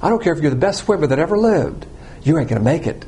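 A man preaching a sermon, blunt and provocative, swinging between loud emphasis and quiet asides. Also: on the high side, very animated, fast talker, a little hiss or hum.

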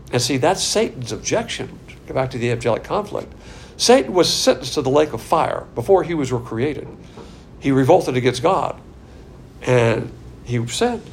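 Male preacher, sermon delivery, gravelly and a touch high, drawn-out emphasis, faint noise. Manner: emphatic, drawn-out key words, asks the audience questions. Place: church room.

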